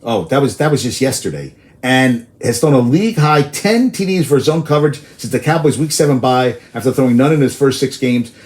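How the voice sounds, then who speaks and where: A man's voice: medium pitch, expressive, fairly quick, a little mellow. A man hosting a casual sports talk show, rambling through stats and personal tangents, cursing freely, apparently outdoors in New York.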